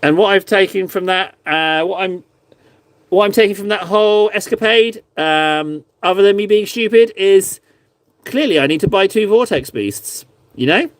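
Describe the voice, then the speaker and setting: A man's voice: high voice, moderate pace, dry recording. A man chatting casually on a live stream, reviewing viewers' painted miniatures in a rambling, self-mocking, playful way.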